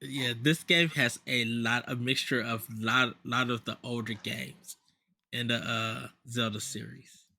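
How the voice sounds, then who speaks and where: A man's voice: mid-range voice, fairly even intonation, unhurried, creaky, pushed and bright. A man hosting a casual podcast chat, hesitant and full of restarts as he steers the talk. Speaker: podcast host.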